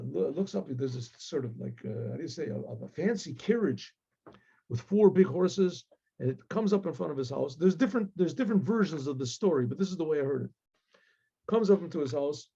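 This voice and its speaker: A man, a rabbi, telling a story in a casual, animated way, acting out the characters' voices and often clearing his throat. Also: on the high side, dull audio. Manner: animated, acts out voices with rising emotional pleas; frequent throat clearing and restarts.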